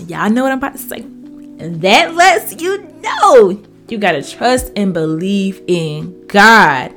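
A woman's voice: mid-range voice, very animated, unhurried, fairly bright tone, faint music behind. A woman preaching fervently, reading scripture and sharing testimony with emphatic, direct address to her listeners. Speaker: Bible teacher. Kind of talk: Bible reading with preaching commentary.

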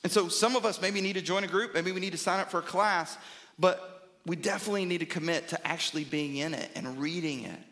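A man's voice: high voice, brisk, a bit bright. A man preaching a sermon as a pastor, emphatic and rhythmic, often checking in with "right?". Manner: emphatic, repeats phrases for rhythm, asks "right?".

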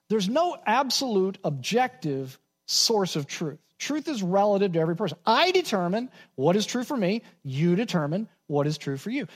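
A man preaching a sermon as pastor, repeating key points slowly for emphasis and dropping to quiet asides. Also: sits high.

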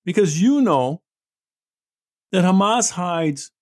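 A middle-aged man runs an opinion show, reading the news and retorting bluntly, indignantly and sarcastically. His voice sits high and is a little mellow, with lively intonation and a slow pace.

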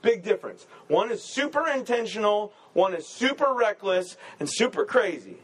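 A man with a high, light voice delivers a casual, conversational sermon, like a pastor chatting with his congregation. He jokes through everyday stories with quick asides and keeps tossing in a rhetorical "right?", over a little hiss or hum.

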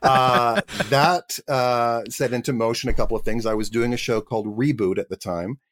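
A man's voice: mid-range voice, steady tone, moderate pace, a bit bright. A man, a guest actor, telling his career story in a chatty interview with frequent restarts. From Canada.

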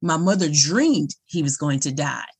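Middle-aged woman host, kinda husky low voice, earnest and encouraging, tells stories. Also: animated, normal speed, darkish tone. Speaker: podcast host. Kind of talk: casual interview conversation.

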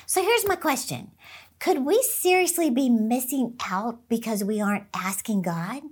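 A middle-aged woman hosting a motivational talk, an excitable storyteller who laughs often. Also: fairly high pitch, a little slow, slightly rough. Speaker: inspirational speaker and channel host.

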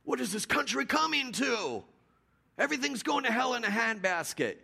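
A preacher doing a ranting, scornful apostle. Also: male voice, extremely high pitch, big pitch swings, normal speed, gravelly, slightly rough, pitched above the performer's own voice, full character voice. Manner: shouting, exasperated scolding. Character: scornful ranting apostle Paul, grown man.

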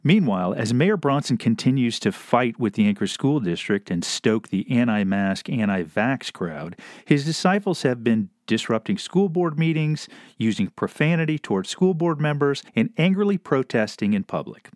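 A man's voice: mid-range voice, expressive, normal speed, few pauses, a little mellow, no echo, studio quality. A man hosting a podcast, delivering sarcastic, profane political commentary. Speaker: podcast host.

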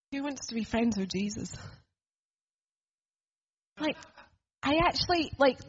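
A woman's voice: fairly high pitch, husky, dull audio. A woman preaching a sermon in a church, earnest and conversational, asking the room questions.

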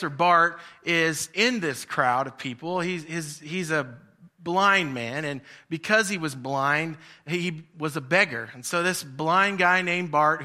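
A man's voice: fairly high pitch, sharp tone. A man preaching a sermon in a conversational, storytelling way, acting out the voices in his stories. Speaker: pastor.

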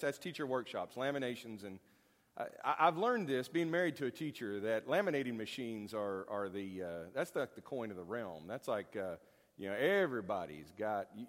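A man delivers a folksy, conversational sermon, wandering into stories and jokes with plenty of ums and restarts. His pitch swings widely, and his voice carries a long reverb from the hall. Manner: folksy, storytelling, many fillers and restarts. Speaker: pastor.

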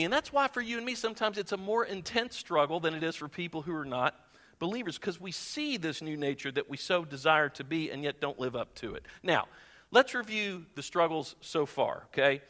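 A pastor preaching in an animated, conversational manner. His voice is bright and slightly high, and his pitch swings widely. A long reverb from a large hall trails each phrase. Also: fairly quick. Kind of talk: sermon.

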